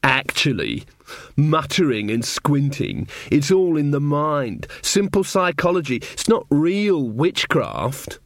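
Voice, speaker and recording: A haughty young woman dabbling in magic, voiced by a male reader, slow and scornful. Her pitch sits above the reader's own, and the storybook sound is dry. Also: sing-song, dry recording, heavily acted. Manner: haughty, dismissive.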